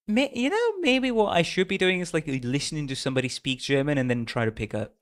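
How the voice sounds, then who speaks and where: A man's voice: on the high side, very animated, fairly quick, fairly bright tone. A man streaming a story game, chatting casually in a playful, self-mocking way and laughing often. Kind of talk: casual live-stream chat while reading a game story.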